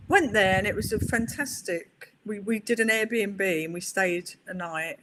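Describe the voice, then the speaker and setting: A middle-aged woman, a guest on an interview podcast, telling stories in a chatty, animated way. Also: medium pitch, unhurried, noisy background. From England. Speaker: guest, pool player. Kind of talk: interview conversation.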